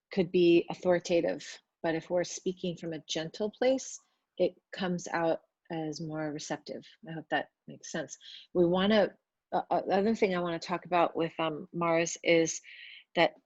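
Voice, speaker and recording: Woman spiritual speaker, lowish voice, chatty and filler-heavy, dry dull recording. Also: breathy edge, dry recording. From Italian family background. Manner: loose and chatty, with many fillers; works at speaking gently. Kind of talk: casual spiritual talk to viewers.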